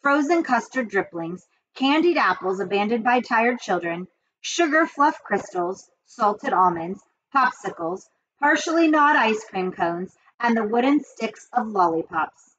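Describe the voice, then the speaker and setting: A woman's voice: a little high, lively intonation, a little slow, a bit bright, highs cut off, slight background noise. A woman voicing a wise old female sheep who lists things with relish. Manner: relishing, listing with gusto.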